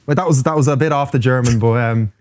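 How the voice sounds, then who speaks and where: A man's voice: medium pitch, fast, darkish tone, pitched below the performer's own voice, lightly acted. A man putting on a joking, over-the-top German accent, laughing and apologizing through the bit. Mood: playful. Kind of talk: comic accent impression.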